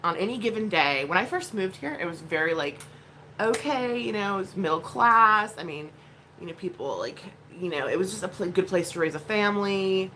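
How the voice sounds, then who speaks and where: A woman's voice: medium pitch, lively intonation, normal speed, bright, forceful tone, slight background noise. A woman vlogging at home, telling a rambling story in a blunt, casual way with plenty of swearing. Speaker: vlogger, mother.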